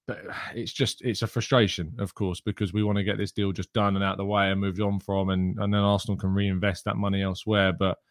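Man, host, daily sports news show, casual delivery, filler-heavy, fairly low voice, dry room. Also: little pitch movement, fairly quick, dry recording. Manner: casual, chatty, frequent "uh" fillers.

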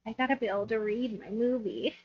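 A woman co-hosting a podcast, chatting casually in a playful, teasing way and laughing often. Her voice sits a bit high. The recording is dry and slightly dull and lo-fi. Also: quick pace, no echo. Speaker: podcast co-host. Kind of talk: casual chat about a bad movie.

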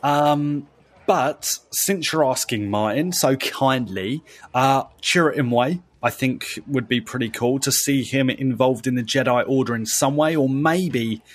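Man, mid-pitched, co-hosting a relaxed podcast. He talks in a jokey, chatty way and keeps stopping to restart his sentences or fill with "um". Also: measured pace. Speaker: podcast co-host. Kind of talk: casual chat.

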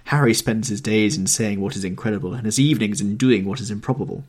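A man's voice: fairly low pitch, fairly even intonation, fast talker, a little mellow, lightly acted. A man voicing a charming, guarded young man in a storybook reading, with a lighter, evasive delivery. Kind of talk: audiobook character reading.

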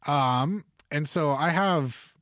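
A man's voice: on the high side, slow pace, fairly bright tone, no room sound. Guy cohosting a podcast, rambles a lot, says like constantly, dry close sound. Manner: rambling, lots of "like" fillers. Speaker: podcast co-host. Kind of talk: casual chat.

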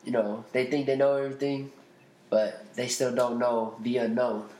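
A man's voice: medium pitch, flat delivery, moderate pace, a little mellow. Laid-back joking man co-host. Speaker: podcast co-host. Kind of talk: casual chat. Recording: echoey room with clear background noise.

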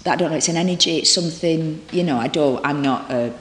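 Woman guest, lower voice, candid rambling talk in a reverberant library room. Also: a little hiss or hum. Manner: chatty, halting, full of restarts and acted-out dialogue. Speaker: actor and guest. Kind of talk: candid conversational interview. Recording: roomy echo with long reverb.

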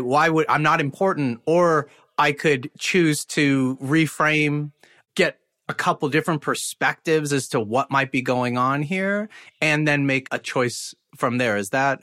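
Brief: male podcast host, bright forceful tone, affirming and reflective. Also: on the high side. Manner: attentive, affirming, summarizes back to check understanding. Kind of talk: conversational interview.

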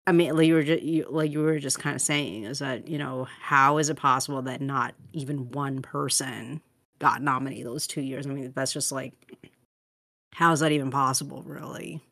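Deep-voiced woman musing hesitantly. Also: steady tone, normal speed, a bit bright, no echo, studio quality. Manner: hesitant, full of fillers, reflective. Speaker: podcast co-host. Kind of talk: casual chat.

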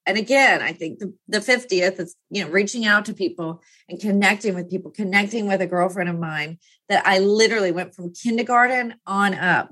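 A woman's voice: medium pitch, bright, forceful tone, dry recording. A woman in her fifties talking through a personal topic in a candid monologue. She rambles, laughs often and trails off to restart her thoughts.

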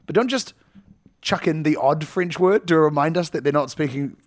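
Animated, laughing podcast co-host man. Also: on the high side, moderate pace. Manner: laughing, animated, acts out quotes. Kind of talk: casual chat.

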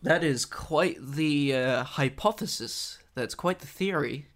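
A young man with an Australian accent that carries some American tones, talking as a podcast guest in a halting, self-reflective way with many restarts. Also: a little high, fairly bright tone. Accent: Australian with American tinges. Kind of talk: casual chat.

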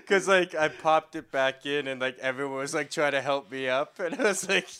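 A man chatting casually and laughing often, retelling a story with loud acted-out yells. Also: medium pitch, steady tone, moderate pace, clean tone. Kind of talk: casual chat.

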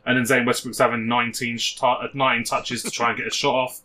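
A man's voice: medium pitch, level tone, fast, bright, forceful tone. A man co-hosting a football podcast, chatting casually and doing joking match commentary. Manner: laddish, self-mocking. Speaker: podcast co-host.

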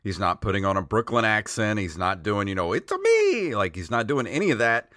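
A man co-hosting a retro gaming podcast in casual chat, hesitant and quick to laugh. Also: fairly low pitch, sharp tone, no room sound, studio quality. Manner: hesitant, laughs easily, mimics voices. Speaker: podcast co-host.

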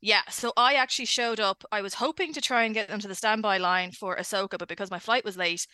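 An Irish woman chats easily as a podcast guest, spinning stories with a bright, clear tone and plenty of laughter. The sound is dry and close. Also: medium pitch, fast talker, no echo. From Ireland. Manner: chatty storyteller, laughs often. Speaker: guest, editor. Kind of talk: casual chat.

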